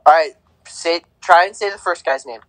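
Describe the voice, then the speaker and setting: A man's voice: on the high side, moderate pace, fairly bright tone, no echo, rough recording. A young man co-hosting a casual podcast, playfully teasing the others. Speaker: co-host. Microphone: remote call mic.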